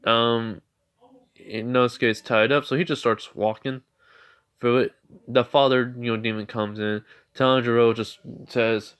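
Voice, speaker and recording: A man's voice: medium pitch, steady tone, unhurried, fairly bright tone, smooth. A man casually retelling a made-up fan story, rambling with lots of filler. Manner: rambling, heavy with fillers and restarts.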